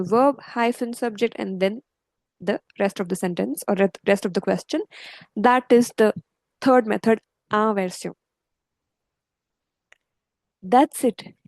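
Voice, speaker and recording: A woman teaching French grammar to beginners, explaining slowly and patiently and checking in often with "okay" and "yes". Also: a little high, darkish tone, no room sound, poor audio.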